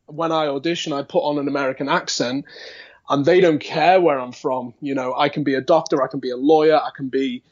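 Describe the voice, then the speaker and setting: A man's voice: on the high side, steady tone, a little fast. Man, light liverpool accent, podcast guest, rambling, lots of fillers, muffled audio. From Liverpool, England. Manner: thoughtful, rambling, many fillers and restarts. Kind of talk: casual interview chat.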